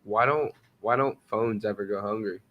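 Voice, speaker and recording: A man's voice: on the low side, normal speed, highs cut off. A man hosting a podcast, laid-back, telling dad jokes and signing off the show. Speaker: podcast host. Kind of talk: casual chat.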